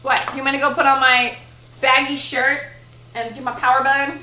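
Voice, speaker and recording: Young woman, high voice, chatty and blunt, casual livestream chat, echoey home kitchen, faint sizzling. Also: flat delivery, moderate pace, background noise. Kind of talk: casual chat while cooking on stream.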